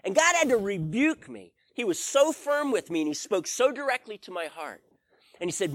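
A man's voice: sits high, moderate pace, no echo. A man preaching a sermon, telling a personal story and acting out his own prayers with rising intensity. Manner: animated, acts out his own pleading prayers in a raised voice. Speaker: pastor.

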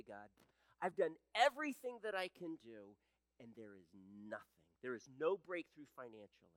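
Male pastor, sermon delivery, animated intonation, dry close sound, swings from fervent to hushed. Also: a little high, dry recording, low-quality recording. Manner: impassioned, swings between loud emphasis and hushed softness; repeats words while building a point.

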